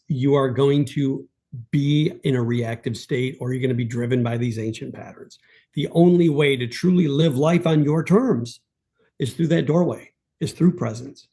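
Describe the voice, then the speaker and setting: Calm, husky-voiced man with a mellow tone. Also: mid-range voice. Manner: calm, measured and emphatic, with repetition. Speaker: guest coach and entrepreneur. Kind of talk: interview conversation.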